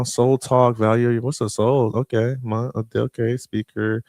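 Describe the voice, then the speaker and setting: A man in his thirties hosting a live online community call, shouting out names with slangy, excitable energy and talking casually while sharing his screen. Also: medium pitch, measured pace, vocal fry, few pauses, dry recording, clean studio sound. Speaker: host. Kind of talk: hype-filled live community broadcast.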